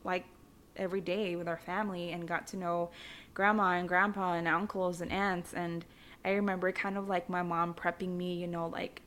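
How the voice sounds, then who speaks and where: A woman's voice: on the low side, fairly even intonation, moderate pace, a bit bright. A young woman from the Philippines telling her childhood story in a candid, chatty way, with frequent fillers and casual swearing. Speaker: vlogger.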